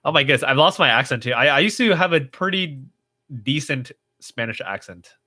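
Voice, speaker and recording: Bright-voiced man chatting on a livestream. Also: mid-range voice, expressive, brisk. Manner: chatty, rambling, reads viewer comments aloud with frequent fillers. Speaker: livestream host. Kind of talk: casual livestream chat reading comments.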